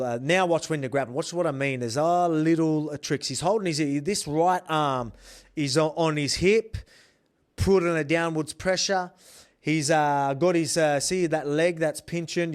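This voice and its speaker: A man in his thirties with an Australian accent, a professional fighter giving a casual, rambling, emphatic breakdown of a bout. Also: on the high side. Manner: emphatic and rambling, with many restarts.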